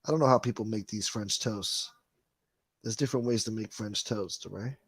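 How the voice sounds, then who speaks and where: On a livestream, a man reads chat comments out loud and riffs on them, rambling, cracking jokes, swearing, and calling people "boy." His voice sits on the low side with a breathy edge, his pace is normal, and the recording is dry.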